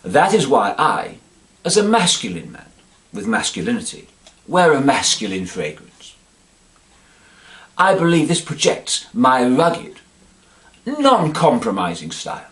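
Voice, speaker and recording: A man's voice: medium pitch, wildly swooping pitch, unhurried, pauses often, fairly bright tone. A middle-aged man from England delivering a rambling, pompous comic monologue, forever adding "you see". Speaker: comedic monologue performer.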